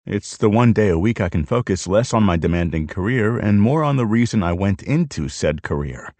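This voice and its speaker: Deep-voiced man narrating an audiobook. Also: expressive, normal speed, a little mellow, dry recording. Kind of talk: first-person romance audiobook narration.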